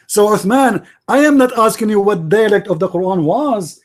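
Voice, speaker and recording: A man's voice: high-pitched, lively intonation, moderate pace. A man hosting a live debate, arguing emphatically and repeating his points to the viewers. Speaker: debate host.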